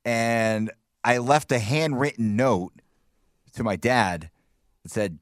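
A man casually telling stories on a podcast, animated and stumbling over restarts, acting out quotes. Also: mid-range voice, takes it slowly, pauses often, dry recording, clean studio sound. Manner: animated storyteller, many restarts, acts out quotes. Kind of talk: casual chat, storytelling.

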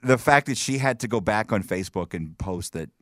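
A man casually telling stories on a podcast, animated and stumbling over restarts, acting out quotes. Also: fairly low pitch, fairly quick, no echo, studio quality. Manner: animated storyteller, many restarts, acts out quotes. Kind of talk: casual chat, storytelling.

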